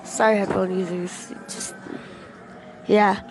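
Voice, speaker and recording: A young female gaming vlogger casually telling a rambling story, excitable and breaking into shouts when she quotes people, into a headset mic. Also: medium pitch, slow pace, very noisy.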